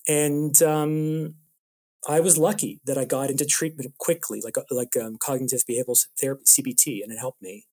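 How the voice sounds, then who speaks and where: Mellow-voiced man, rambling storyteller. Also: mid-range voice, fairly quick. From Toronto, Canada. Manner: animated storyteller, rambling restarts. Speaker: improv comedian and show producer. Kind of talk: casual interview talk.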